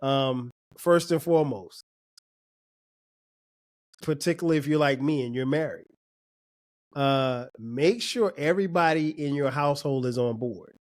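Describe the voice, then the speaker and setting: A man's voice: mid-range voice, measured pace, pauses often. A man hosting a podcast, laid-back and affirming, often repeating his words as he talks. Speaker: podcast host. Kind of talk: casual podcast conversation.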